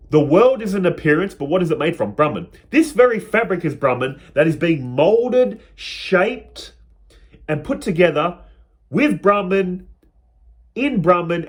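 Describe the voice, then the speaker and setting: Lively, animated man explaining spirituality. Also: a little high. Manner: earnest, lively, lists words slowly. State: out of breath. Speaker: spiritual video host. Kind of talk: casual spiritual talk to camera.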